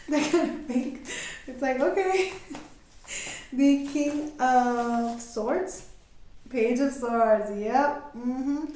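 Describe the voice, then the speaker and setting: A woman's voice: high voice, extremely slow, long pauses, a little mellow, heavy reverb, slight background noise. A young woman giving a casual tarot reading, chatty and giggly, acting out little quoted voices. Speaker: tarot reader.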